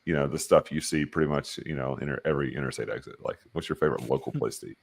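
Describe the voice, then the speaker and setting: A man's voice: very deep voice, fast talker, creaky, a little hiss or hum. A man co-hosting a podcast, easygoing and joking in casual chat. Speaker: podcast co-host.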